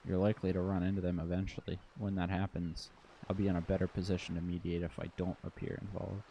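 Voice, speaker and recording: A man's voice: sits low, level tone, fast talker, creaky, dull audio, slight background noise. Man reading a guarded diplomatic woman. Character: composed mercenary liaison woman, guarded and diplomatic.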